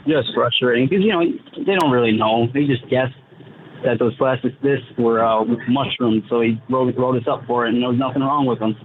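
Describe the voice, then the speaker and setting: A man's voice: mid-range voice, fairly quick. A young man, a truck driver calling in, chatting casually and rambling through a frustrated story. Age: young adult. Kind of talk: casual chat on a radio show. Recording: tinny phone line with faint noise.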